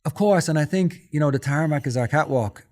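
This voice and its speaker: A man's voice: on the high side, fairly quick. Emotional Irish man telling stories. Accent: Dublin Irish. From Ireland. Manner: emotional, animated storyteller who acts out his own quotes. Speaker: podcast guest. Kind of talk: casual interview storytelling.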